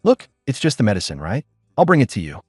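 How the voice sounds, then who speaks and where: A man's voice: mid-range voice, wildly swooping pitch, quick pace, slightly rough, no echo, clean studio sound, faint music behind. A man voicing a cold, scornful young wife who talks with sneering contempt. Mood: mocking.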